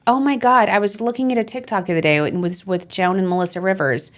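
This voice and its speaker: A woman's voice: medium pitch, quick pace. A woman podcast co-host with a Long Island accent, chatting casually and telling stories with gushing enthusiasm in a studio. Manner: animated, gushing storyteller. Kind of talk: casual chat.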